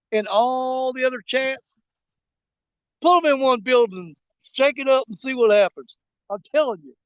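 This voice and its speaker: In a dry recording, a man with an extremely high-pitched voice chats casually and jokingly with his fishing channel viewers from outdoors by a river. It's a live stream full of rambling, folksy humor and frequent fillers.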